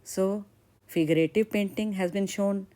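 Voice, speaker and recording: Lady teaching english class, slow and steady, asks students questions. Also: medium pitch. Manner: explaining, asking the class questions. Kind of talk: literature lesson with role-play.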